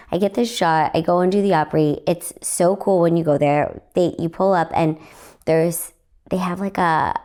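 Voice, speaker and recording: Young woman podcaster, kinda raspy and hoarse, mellow lowish voice, rambly story with lots of laughs. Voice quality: slightly raspy, recovering from lost voice. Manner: chatty, rambling, laughs often, acts out voices in quotes. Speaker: podcast host and stand-up comedian. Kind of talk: casual storytelling.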